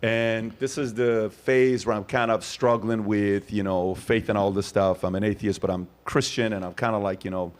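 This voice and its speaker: A man's voice: on the low side, normal speed, few pauses. A man hosting a podcast, talking emphatically and telling stories. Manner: emphatic, storytelling, animated asides. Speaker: host. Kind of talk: casual podcast chat.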